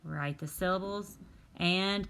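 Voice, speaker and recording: A woman teacher reading words slowly and carefully, talking young students through a phonics worksheet. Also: fairly low pitch, heavy background noise. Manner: slow, careful, drawn-out word reading. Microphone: tablet microphone.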